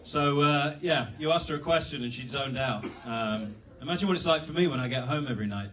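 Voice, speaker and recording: Self-deprecating British comic, a bit off mic. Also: male voice, medium pitch, a little fast, a bit bright, distant mic, a little hiss or hum. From Britain. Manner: self-deprecating, rambling, dry. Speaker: stand-up comedian. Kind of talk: stand-up comedy set. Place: comedy club stage.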